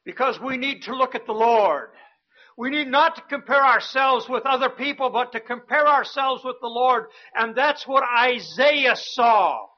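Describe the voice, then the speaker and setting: A man with a strikingly high voice preaches a sermon at an unhurried pace, leaning hard on repeated words as his voice lifts and grows louder. The recording is muffled and lo-fi. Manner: slow, emphatic preaching that rises in pitch and volume on repeated words. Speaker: missionary preacher. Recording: dull, lo-fi sound.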